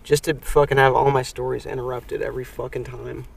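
A man's voice: medium pitch, little pitch movement, a little fast, creaky, recorded from a distance. A man co-hosting a podcast, grumbling and cursing in casual chat. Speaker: podcast co-host.

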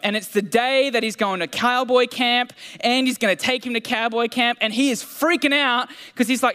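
Male preacher, high voice, casual chatty sermon, long hall echo. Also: moderate pace, hardly any pauses, pushed and bright. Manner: conversational and self-deprecating, with fillers and restarts.

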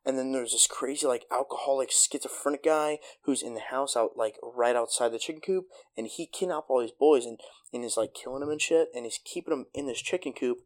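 Excitable man retelling a movie. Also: mid-range voice, a little fast. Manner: excited retelling, heavy swearing. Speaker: podcast host. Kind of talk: casual chat.

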